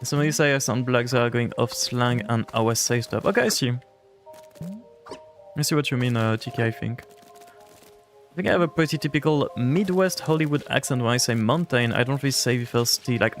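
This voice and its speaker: With faint music in the background, a man with a mid-range voice streams a game, talking a little fast. He rambles casually, leaning on "like" and other fillers, while reading and answering his viewers' chat aloud.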